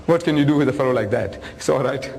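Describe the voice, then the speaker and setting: An older man and religious lecturer, telling stories to an audience in an animated, humorous way, acting out dialogue and sound effects. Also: mid-range voice, quick pace, vocal fry, in a large hall, a little hiss or hum, low-quality recording. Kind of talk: storytelling sermon to an audience.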